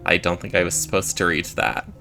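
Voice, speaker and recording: Man commentating a game casually, low gravelly voice, faint game music. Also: lively intonation, brisk, bright, forceful tone. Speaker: gamer.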